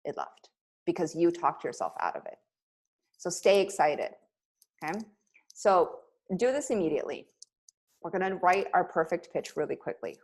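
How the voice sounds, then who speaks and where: A woman's voice: low voice, darkish tone. Upbeat woman coaching over a video call. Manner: upbeat, pep-talk style, laughs often. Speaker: business coach for yoga teachers. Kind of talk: energetic coaching webinar.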